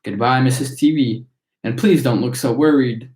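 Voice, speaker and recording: A man reading as a brisk eccentric candy maker. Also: mid-range voice, a little mellow, close to an everyday voice. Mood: reassuring. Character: eccentric male chocolate factory owner. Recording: roomy echo.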